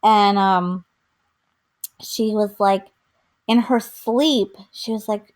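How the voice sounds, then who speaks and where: A woman's voice: mid-range voice, slow, long pauses. A woman co-hosting a podcast in casual chat, telling stories with lots of fillers and acting out the quotes. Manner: animated storytelling, acts out quotes, many fillers. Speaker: podcast co-host.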